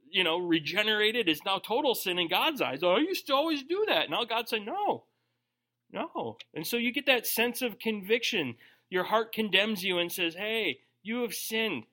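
Bright, high-voiced male pastor preaching. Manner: conversational, jokey, acts out quoted voices. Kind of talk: sermon.

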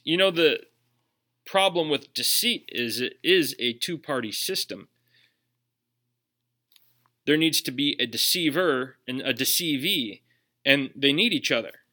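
A man's voice: fairly high pitch, pushed and bright. A man with a Minnesotan accent, preaching a sermon earnestly, with emphatic rhetorical questions. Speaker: pastor.

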